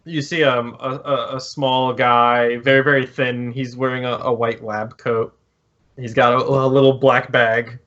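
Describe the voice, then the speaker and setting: A man as game master, narrating a tabletop game with hesitant pauses and restarts. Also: medium pitch, level tone, fairly bright tone, highs cut off. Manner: hesitant, lots of ums and restarts.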